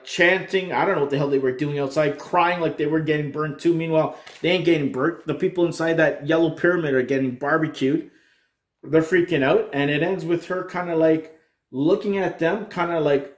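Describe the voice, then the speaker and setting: Chatty man reviewing movies in an echoey room. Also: fairly high pitch. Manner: animated, profane, rambling with fillers. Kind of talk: casual spoken movie review. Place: room with a screen behind him.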